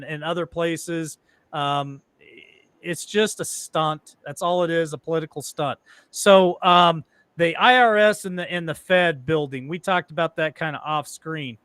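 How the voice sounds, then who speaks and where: Bright, clear-voiced male host. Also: a little high, no echo. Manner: hesitant, many ums, sarcastic asides. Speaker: show host. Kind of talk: casual conversational talk.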